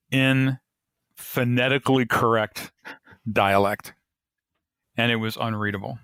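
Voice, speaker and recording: Bright dry-voiced male author. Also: mid-range voice, clear, resonant tone, dry recording. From United States. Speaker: author guest. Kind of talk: podcast interview.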